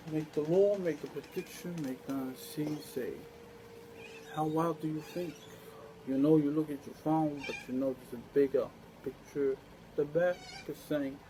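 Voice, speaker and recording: A man's voice: fairly high pitch, fairly even intonation, moderate pace, noisy background. A man delivering a rambling monologue to camera, drifting through loose stream-of-consciousness musings.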